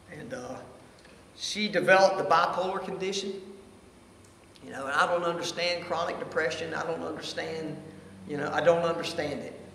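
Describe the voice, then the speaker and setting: A middle-aged man gives a heartfelt testimony at a church recovery meeting. His voice sits high and bright, and he talks haltingly, circling back to repeat key phrases. The sound carries the long echo of a hall with a faint hum of ambience behind it. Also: gravelly. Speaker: recovery ministry speaker. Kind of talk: personal testimony.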